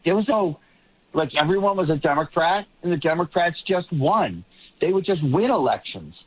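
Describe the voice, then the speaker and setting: Calling in on a tinny phone line, a different male guest on a political talk show comments in a rambling manner and keeps restarting sentences. His voice is a little high and slightly rough, animated, with a moderate pace.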